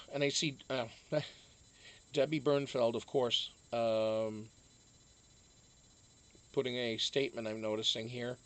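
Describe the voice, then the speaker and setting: A man's voice: medium pitch, vocal fry. A man from Massachusetts, hosting a casual live stream, rambling with many fillers and restarts.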